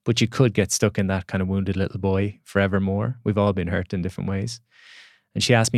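Earnest man, low dry voice. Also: steady tone, darkish tone, no echo. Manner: earnest, halting with repeated words. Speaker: podcast guest, coach. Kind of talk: reflective storytelling.

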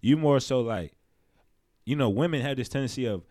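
A young man co-hosting a casual podcast, talking loosely about fatherhood and sometimes jumping into high, animated imitations. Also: fast, no room sound. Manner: animated storytelling, slips into high mimicking voices. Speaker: podcast co-host.

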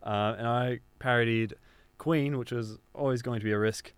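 A man's voice: mid-range voice, steady tone, normal speed, clear, resonant tone, no room sound. A man hosting a comedy radio interview, playing it mock-earnest and soothing. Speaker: radio host.

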